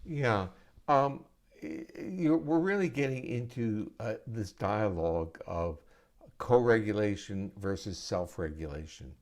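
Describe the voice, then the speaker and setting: A man with a notably low voice talks through ideas at a live question-and-answer session. He explains steadily, in a patient lecturing manner, as a guest speaker at an arts center event. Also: measured pace, darkish tone.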